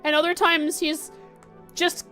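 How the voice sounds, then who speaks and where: A woman with a high voice streams a game, talking slowly and joking as she reads the text aloud. Faint music plays behind her. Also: flat delivery, pushed and bright. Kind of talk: casual live-stream game commentary.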